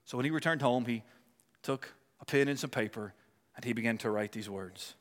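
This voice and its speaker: A man preaching a sermon with impassioned delivery, swinging between loud and hushed. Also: medium pitch, brisk. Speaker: pastor. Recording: long reverb of a large hall.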